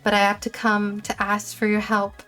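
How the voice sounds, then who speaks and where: A woman voicing a mysterious ghost mentor from a video game, speaking in a calm, measured, instructive way. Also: mid-range voice, faint music behind, natural voice. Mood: calm guiding.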